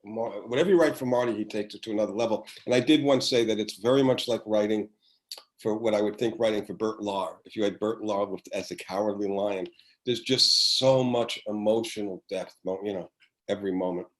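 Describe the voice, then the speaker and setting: A man's voice: on the low side, brisk, rough recording. An older man, a former children's TV writer, chatting as a podcast guest and telling rambling stories with many restarts over a video call. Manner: rambling, warm storytelling with restarts. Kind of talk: casual chat.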